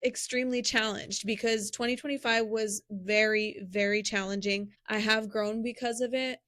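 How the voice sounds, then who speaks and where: A young woman co-hosts a relaxed podcast, talking in an earnest, upbeat way and laughing easily. Her voice sits a little high. The sound is dry and close, with no room around it. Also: moderate pace, dry recording. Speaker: podcast co-host. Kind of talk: casual chat.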